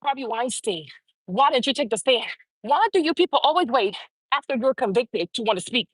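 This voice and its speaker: A woman with a high, husky voice rants on her own commentary show. She is fired up and profane, hammering her points home by repeating lines. The sound is close and dry. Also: lively intonation, brisk, no echo. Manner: heated, profane, repeats phrases for emphasis. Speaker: show host. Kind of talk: opinionated commentary rant.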